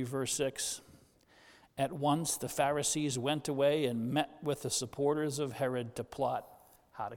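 A man preaching a sermon as pastor, with animated delivery, quick asides and voices for the people he quotes. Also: fairly high pitch, big-room sound.

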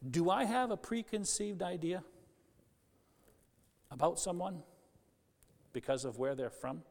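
Joking preacher in a reverberant hall. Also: male voice, high voice, unhurried, creaky, a little mellow. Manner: joking, chatty, with restarts and asides. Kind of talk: conversational sermon.

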